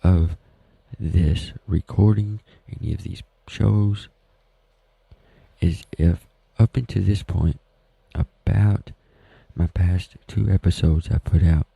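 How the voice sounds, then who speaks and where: A man with a Southern US accent hosts a casual home podcast, talking in a slow, rambling, folksy way. His voice is very low and dark, with a gravelly, slightly husky edge. The recording is dry and close. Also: no echo, low-quality recording. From Southern United States. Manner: rambling, folksy, self-deprecating. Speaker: podcast host. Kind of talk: casual solo podcast talk.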